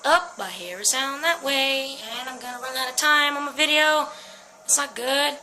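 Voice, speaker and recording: A woman's voice: high-pitched, normal speed, bright, forceful tone, faint music behind, low-quality recording. A woman giving jumpy, swear-laden commentary while playing a horror game. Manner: jumpy, swearing, talks to herself. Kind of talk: let's-play commentary.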